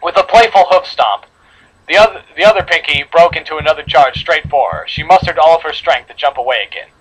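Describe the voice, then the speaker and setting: A man's voice: on the high side, a little fast, fairly bright tone, slightly rough, rough recording. A man reading a horror fan story aloud to friends, dramatic, with slips and re-reads. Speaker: story reader.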